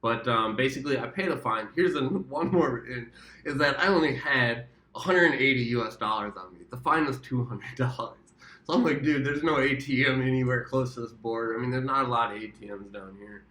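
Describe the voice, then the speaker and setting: Bright-voiced man in an echoey room. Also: medium pitch, brisk. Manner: rambling, profane, self-correcting. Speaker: travel vlogger. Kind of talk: casual storytelling. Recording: roomy echo.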